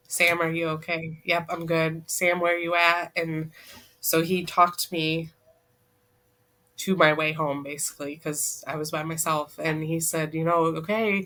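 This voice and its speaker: Bright-voiced woman telling an emotional story. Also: lowish voice. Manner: earnest, relives events by quoting dialogue; emotional, voice drops soft at hard moments. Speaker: guest, co-author. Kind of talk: personal storytelling in a podcast interview.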